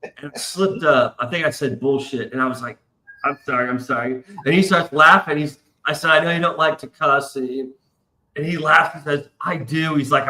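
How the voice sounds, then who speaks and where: A man hosting a casual live stream tells a long, rambling story and swears freely. His medium-pitched voice is bright and forceful, and the rough recording carries an echo from the room.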